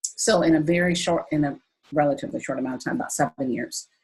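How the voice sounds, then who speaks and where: A woman in her fifties speaks in a low, husky voice. She is telling her story as an interview guest. Her delivery is expressive, and she leaps up in pitch whenever she quotes her own thoughts. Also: fast talker, rough recording. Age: 50s. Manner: expressive, jumps up high when quoting herself. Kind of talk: conversational storytelling.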